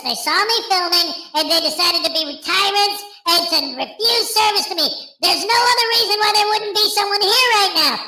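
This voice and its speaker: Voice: high-pitched, bright, forceful tone, reverberant, poor audio. A performer voicing a self-important male frauditor who rants indignantly and stammers, in a comedic parody skit.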